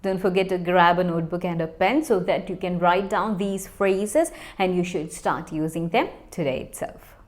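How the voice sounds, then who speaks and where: A woman's voice: on the low side, steady tone, moderate pace, few pauses. Woman, English teacher, encouraging, talks straight to the learners, casual. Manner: encouraging, direct, addressing learners.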